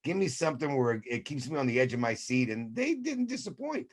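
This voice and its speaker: Male podcast co-host, lively storyteller, wide pitch swings, casual. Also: a little fast. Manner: animated storyteller who acts out reactions. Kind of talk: casual sports chat.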